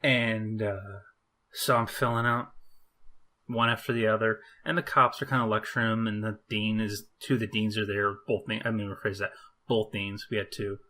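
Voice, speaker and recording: Speaking at a moderate pace in a lowish voice, a young man shares a story on the podcast he co-hosts. He's animated, performing the voices of the characters as the casual chat unfolds.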